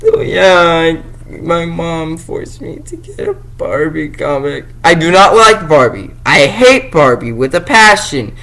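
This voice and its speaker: Slow-talking excitable guy reviewing comics. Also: a little high, low-quality recording. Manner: excitable, jokey, rambling. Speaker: comic book vlogger. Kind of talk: casual review chat.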